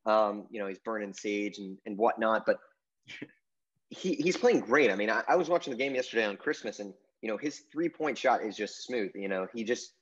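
A man's voice: lowish voice, animated, moderate pace, husky, highs cut off. A man co-hosting a sports podcast in casual chat, rambling through his takes with plenty of "I mean" and "you know" fillers.

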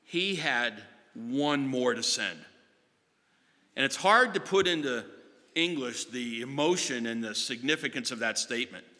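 A male pastor delivers an impassioned sermon in a bright, forceful voice. He swings from hushed lines to loud ones and stretches out the key phrases slowly. The sound carries a long reverb from the church sanctuary. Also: mid-range voice, lively intonation.

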